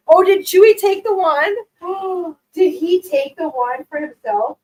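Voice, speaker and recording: A woman with a high voice hosts a relaxed live stream and talks loosely with her viewers. She laughs often and switches into cooing baby talk for her cats. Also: moderate pace, low-quality recording. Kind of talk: casual live-stream chat with viewers and pets.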